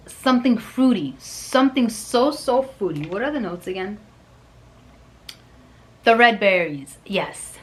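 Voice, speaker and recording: Woman vlogger, gushing perfume reviewer, unhurried delivery, mid-pitched. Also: rough recording. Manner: gushing and excitable, with soft whispered asides. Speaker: fragrance reviewer. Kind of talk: unboxing and review vlog.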